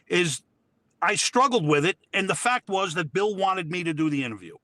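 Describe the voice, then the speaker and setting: A man's voice: high-pitched, lively intonation, moderate pace, bright, forceful tone, no room sound. A man from Georgia co-hosting a casual livestream chat, profane, blunt and combative. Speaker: co-host.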